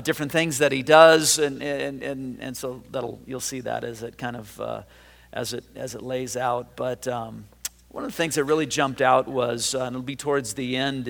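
A man preaching a sermon as pastor, talking in a relaxed, conversational way with frequent fillers and restarts. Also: mid-range voice, creaky, big-room sound.

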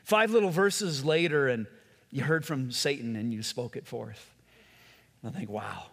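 A man's voice: a little high, long reverb tail. A man preaching a sermon in a conversational way, acting out quotes and often restarting his sentences. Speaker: pastor.

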